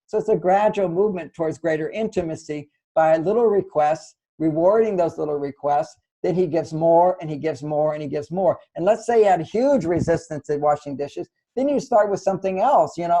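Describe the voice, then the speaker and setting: Older man, mellow voice, gentle advice. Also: on the high side, brisk, low-quality recording. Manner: gentle, explanatory, acts out little dialogues. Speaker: relationship author and guest. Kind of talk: conversational advice interview.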